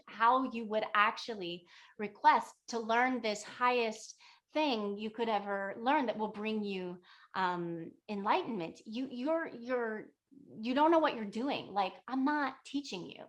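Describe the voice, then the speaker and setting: A woman's voice: on the high side, close to an everyday voice. A woman voicing a stern, impatient female yogini teacher who scolds in offhand modern slang.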